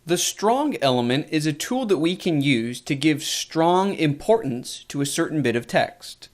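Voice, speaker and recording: A man teaching web development in a screencast coding lesson, explaining things in a measured way with emphasis on key points. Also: on the high side, animated.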